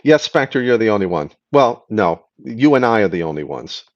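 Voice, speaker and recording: A man's voice: on the low side, very animated, moderate pace, muffled recording. A man hosting a live stream, casually answering chat questions and explaining things patiently, often restarting his sentences.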